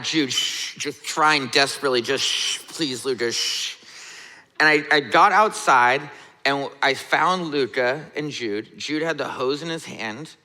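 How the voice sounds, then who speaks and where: A man's voice: medium pitch, bright, forceful tone. A man in his thirties, a pastor, giving a sermon in a conversational, relatable way, often checking in with "right?". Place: church sanctuary. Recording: church hall reverb.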